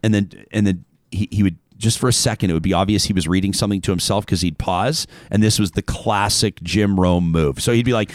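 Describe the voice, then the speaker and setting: A man's voice: low voice, fairly quick, dry recording, studio quality. A man hosting a casual talk show, reading out a listener email and wandering off on tangents.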